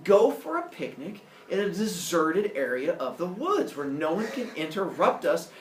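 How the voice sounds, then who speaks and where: A man voicing a sly, scheming male god who puts on a high, over-sweet cheerfulness. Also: big pitch swings, normal speed, a little hiss or hum. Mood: fake cheerful. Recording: roomy classroom audio from far off.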